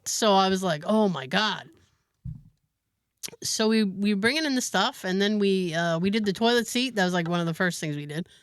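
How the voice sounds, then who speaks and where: A woman's voice: medium pitch, moderate pace, clear, resonant tone, no room sound. Woman podcaster rambling thru a story, dry close sound, laughs a lot. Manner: animated storyteller, laughs often. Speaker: podcast host. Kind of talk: casual chat.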